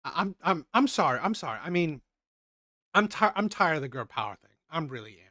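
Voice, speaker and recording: A man's voice: a little high, big pitch swings, a little fast, bright, forceful tone, dry recording. Male co-host, casual and rambling, hesitant delivery, dry recording. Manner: rambling, hesitant, restarts and asides. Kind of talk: casual opinion chat.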